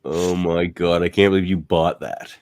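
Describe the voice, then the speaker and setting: Male podcast host, very low voice, laid-back, video call, casual banter. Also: normal speed. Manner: relaxed, plugs network shows.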